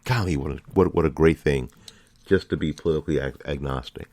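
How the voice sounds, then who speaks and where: Deep-voiced impassioned male commentator. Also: brisk, darkish tone, no room sound. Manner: impassioned, repetitive rhetorical questions. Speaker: political commentary host. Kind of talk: opinion monologue.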